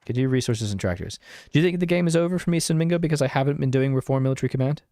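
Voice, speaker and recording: Very fast and warm-toned, a young man's mid-range voice carries his casual gameplay stream as he makes fun of himself and reads and answers chat. The recording is dry and booth-like, with no room sound.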